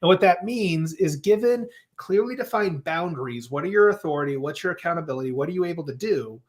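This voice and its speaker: A man's voice: fairly high pitch, animated, fairly quick. A man coaching a couple on their personality profiles, analytical and playful, acting out the things they say to each other. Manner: analytical and playful, acts out quoted remarks. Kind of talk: explaining personality profiles on a live show.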